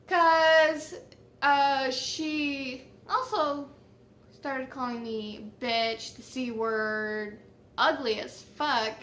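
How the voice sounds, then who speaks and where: Bright high-voiced woman telling a story. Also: slight background noise. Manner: chatty, swears freely, laughs at her own story. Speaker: vlogger telling a personal story. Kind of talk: casual storytime.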